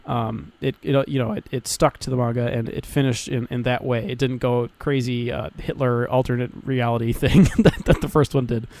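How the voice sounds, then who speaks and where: A young man co-hosting a podcast in casual chat, talking excitedly, swearing often and restarting his sentences. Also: medium pitch, a little fast, few pauses, a little hiss or hum. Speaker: podcast co-host.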